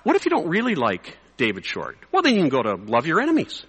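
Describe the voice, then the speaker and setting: Animated male preacher in a reverberant hall. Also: fairly high pitch, quick pace, husky. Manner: animated, conversational, drops to quiet intensity. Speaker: preacher speaking to clergy. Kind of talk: sermon.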